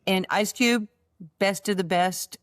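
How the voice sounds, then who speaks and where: An older woman, a basketball coach, telling lively stories in an interview and acting out the dialogue. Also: medium pitch, unhurried, no echo, studio quality. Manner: lively storyteller who acts out quoted dialogue. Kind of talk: storytelling interview.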